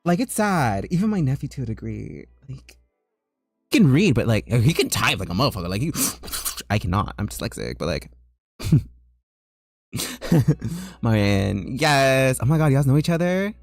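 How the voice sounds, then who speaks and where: Guy, drawing-stream host, loud and bouncy, dry close mic. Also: medium pitch, normal speed, vocal fry, dry recording, faint music behind. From United States. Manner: loud, animated and jokey, with frequent "like" fillers. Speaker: livestreaming artist. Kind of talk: casual livestream chat while drawing.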